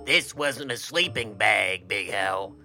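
Brief: man in his own voice, co-host spinning a goofy campfire tale, folksy deadpan, very bright sharp tone. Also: on the low side, slow pace, faint music behind. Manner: folksy, drawling deadpan delivery. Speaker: podcast co-host and storyteller. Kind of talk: comedic campfire storytelling.

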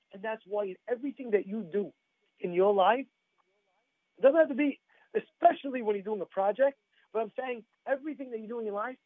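A man preaches with a very high voice and an urgent, emphatic delivery, asking his listeners question after question. The sound is thin and phone-like, and dry with no room echo. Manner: emphatic, repeats phrases, asks the audience questions. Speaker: rabbi giving a Torah class. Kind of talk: sermon.

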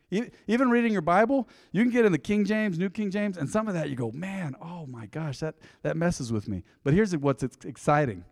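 A male pastor leading a Bible study in a church, talking in a conversational, emphatic way. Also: on the high side. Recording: long hall reverb.

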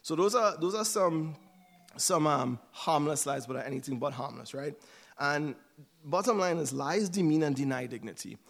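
Man, church speaker, casual sermon, raised voice with some fry, keeps asking "right?". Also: on the high side, expressive, moderate pace. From United States. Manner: conversational, asks "right?" often.

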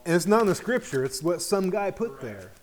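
A man's voice: high-pitched, sing-song, brisk. A middle-aged man teaching an informal Bible study in a conversational way, often checking in with the group.

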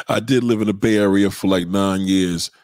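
A man, ranting casually and loudly to his stream viewers, swaggering and laughing often. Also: sits low, dry recording, clean studio sound. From New York. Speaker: live-stream host. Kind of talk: casual profane rant to viewers.

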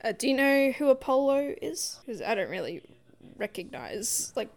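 A woman's voice: high voice, big pitch swings, moderate pace, a little mellow. Chatty woman retelling a book's plot. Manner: rambling plot retelling full of "like". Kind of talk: casual book discussion.

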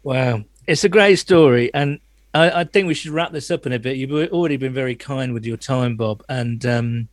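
A man's voice: medium pitch, moderate pace, no echo, clean studio sound. A man hosting the interview, enthusiastic and polite as he wraps up. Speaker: interviewer, host.

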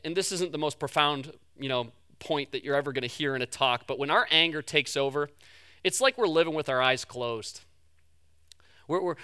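A man preaching a sermon as pastor, stumbling over repeated words, rushing through asides and slowing down to drive points home. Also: fairly high pitch, bright, forceful tone, smooth, no room sound, clean studio sound. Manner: repeats words in quick restarts; swings between fast asides and slow emphatic lines.

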